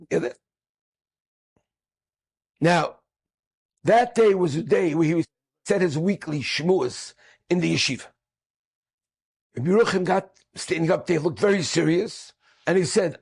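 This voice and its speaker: Man, middle-aged, storytelling, husky, animated, acts out quoted speakers. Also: on the high side, unhurried, long pauses. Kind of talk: storytelling talk.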